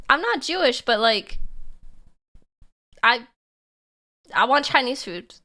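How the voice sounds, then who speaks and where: A young woman streamer chatting casually with her viewers, excitable and laughing often. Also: high-pitched, slow, pauses often. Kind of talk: casual livestream chat.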